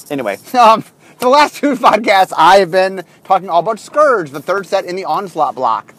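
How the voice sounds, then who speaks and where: Man, podcaster, high pitch, casual rambling talk, recorded in a moving car. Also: moderate pace, no room sound. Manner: animated, rambling with many fillers. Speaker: podcast host. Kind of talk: casual monologue while driving.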